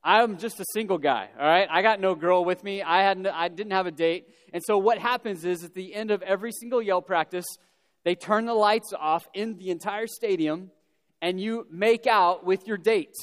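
A man giving a casual, animated storytelling talk to young people, with lots of fillers and repeated words. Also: sits high, moderate pace. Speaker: youth speaker. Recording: long hall reverb.

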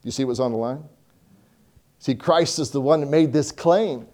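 A man preaching a sermon, quoting scripture and swinging between loud emphasis and hushed, slowed delivery. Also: mid-range voice.

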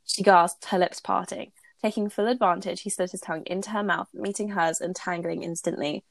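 A woman's voice: on the low side, steady tone, a little fast, vocal fry, no echo. A woman co-host reading romantic fan fiction aloud, with giggly, embarrassed asides.

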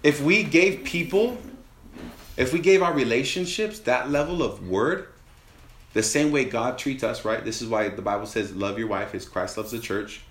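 Guy giving a lively sermon, acts out little quotes, roomy echo, middle pitch. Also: normal speed. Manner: animated, acts out quoted voices, rhetorical questions. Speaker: preacher.

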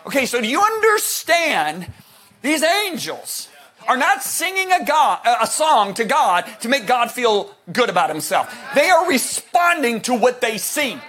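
A man preaching a sermon, animated and joking, shouting some words for emphasis and rambling with restarts. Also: extremely high pitch, unhurried. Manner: rambling with restarts, jokey asides.

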